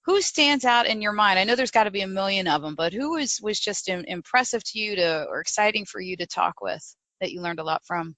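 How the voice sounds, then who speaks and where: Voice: mid-range voice, fairly quick, hardly any pauses, pushed and bright, dry recording. A co-host asking a guest a casual, upbeat question. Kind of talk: interview questions.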